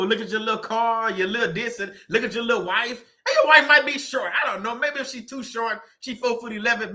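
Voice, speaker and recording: Louisiana guy with a high voice, cracking jokes and preaching about life, laughs a lot. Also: sharp tone. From Southern Louisiana. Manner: joking, preachy, laughs often. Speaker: channel host. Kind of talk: casual motivational talk. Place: room at home.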